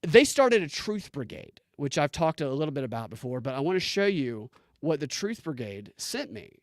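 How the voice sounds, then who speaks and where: An incredulous man hosts a casual commentary show, his voice a touch higher than most men's. He speaks in animated bursts, restarting phrases as he reads posts aloud. The sound is dry and close to the microphone. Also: moderate pace, no room sound. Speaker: political commentary show host.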